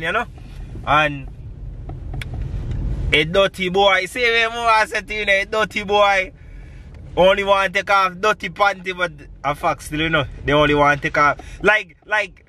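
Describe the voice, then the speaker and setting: Guy vlogging outside at night, high bright voice, rambling and laughing, bit of traffic behind. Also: measured pace. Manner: rambling, laughing, patois storytelling. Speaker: family vlogger. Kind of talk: casual storytelling vlog. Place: outdoors by a road at night.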